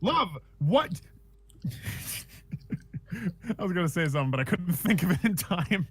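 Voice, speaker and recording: A man's voice: high voice, big pitch swings, a little slow, a bit bright, husky, dry recording. A man co-hosting a casual podcast, sarcastic and joking, breaking into mock rants. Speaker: podcast co-host. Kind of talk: casual chat.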